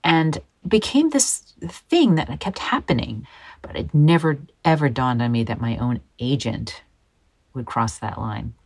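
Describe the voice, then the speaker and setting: A woman telling her own story in an interview, speaking softly and haltingly and often dropping to a hushed near-whisper. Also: rumbling low, animated, husky, poor audio. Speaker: interview guest, model.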